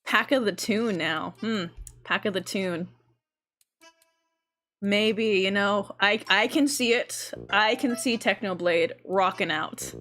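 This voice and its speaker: A woman's voice: mid-range voice, slow, a bit bright, soft background music. A young woman chatting casually on a livestream, giggly and talkative, laughing often between her words. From raised in an English-speaking country by a Korean mother.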